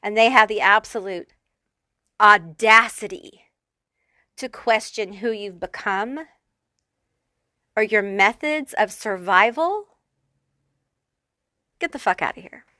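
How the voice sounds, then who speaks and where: A woman's voice: mid-range voice, takes it slowly, long pauses, sharp tone, no room sound, clean studio sound. A woman giving a pick-a-card tarot reading, talking straight to the viewer in a blunt, profane, fired-up way. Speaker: tarot reader.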